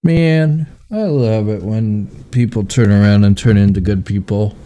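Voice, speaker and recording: A man streaming a game, chatting casually and relaxed about what he sees. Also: on the low side, a little slow. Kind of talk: casual gameplay commentary.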